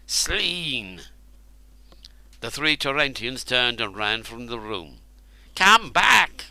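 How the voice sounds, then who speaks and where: A man narrating an audiobook in the first person, in a slow, measured and deliberate storytelling manner. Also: medium pitch, pushed and bright, smooth, no echo, poor audio.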